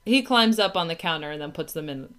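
A woman's voice: deep voice, expressive, fast, fairly bright tone. A woman in her thirties chatting casually as a podcast co-host, filling her talk with "like" and acted-out quotes. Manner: chatty, lots of "like" and quoted asides. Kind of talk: casual chat.

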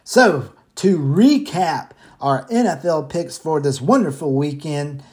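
A man's voice: on the high side, takes it slowly, a little mellow. Breathless man chatting football picks. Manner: chatty, rambling, swears casually. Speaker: sports picks host. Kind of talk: casual sports betting talk.

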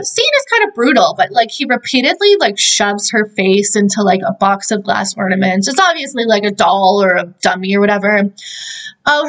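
Through a low-quality recording, a young podcast host's voice comes across at medium pitch with a fairly bright tone. She recaps a movie casually, chatting with fillers and laughing asides.

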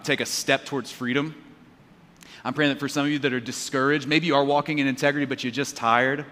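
Man, pastor, energetic casual sermon, bright forceful voice, reverberant church hall. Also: medium pitch. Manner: energetic call-and-response preaching, casual. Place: church auditorium.

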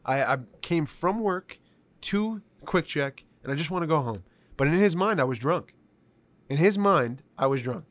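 A man's voice: fairly high pitch, moderate pace, dry recording. Profane man telling a story casually. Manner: profane, animated, with frequent filler words.

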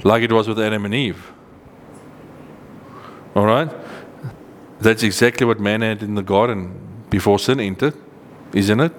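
A man's voice: steady tone, slight background noise. Earnest preacher man with echoing reverb. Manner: earnest, emphatic, rises in pitch on key points, slows to read verses. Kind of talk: sermon teaching with scripture reading.

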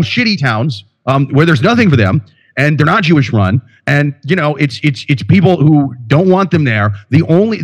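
Podcast co-host, male, from Iowa, slightly higher voice, rambling and profane with constant restarts. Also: husky. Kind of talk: casual podcast banter.

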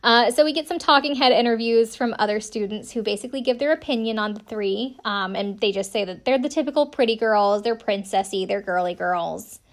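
A woman's voice: fairly high pitch, brisk, hardly any pauses. A woman in her thirties from South Carolina, chatting casually as a podcast host recapping a TV episode, wry and self-deprecating with many "um"s and "like"s. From South Carolina, USA. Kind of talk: casual chat.

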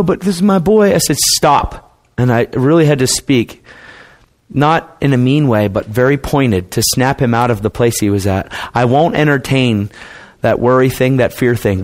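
Man telling a sermon testimony casually. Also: mid-range voice. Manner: casual and conversational, calls people man and dude; acts out quoted people in dialogue. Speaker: preacher.

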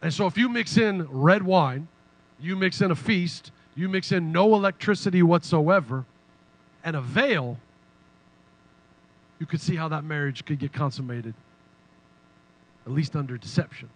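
A man preaching a sermon in a casual, humorous, animated way. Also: fairly high pitch, unhurried, pauses often, low-quality recording. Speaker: pastor.

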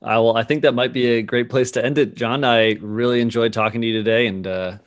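A man hosting an interview who wraps up in an easygoing, halting way. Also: mid-range voice, steady tone. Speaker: podcast host. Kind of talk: conversational interview.

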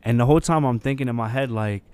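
A young man co-hosting a podcast, telling a long, rambling story in a relaxed way with lots of fillers. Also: medium pitch, quick pace, clean tone, no room sound. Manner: rambling, laid-back anecdote with many fillers. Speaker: podcast co-host. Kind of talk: casual storytelling chat.

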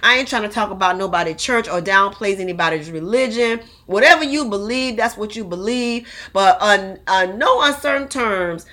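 Bright-voiced woman telling a story. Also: mid-range voice, normal speed, few pauses. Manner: animated, exaggerated, slangy. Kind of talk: casual storytelling monologue to viewers.

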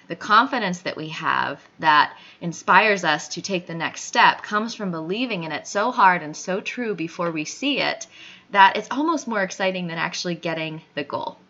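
A woman speaking as an earnest motivational host, talking straight to you in a bright, forceful voice with a slightly low pitch. The recording sounds dull and lo-fi. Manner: earnest, encouraging, talks straight to the listener. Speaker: podcast host. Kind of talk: motivational monologue. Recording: dull lo-fi audio.

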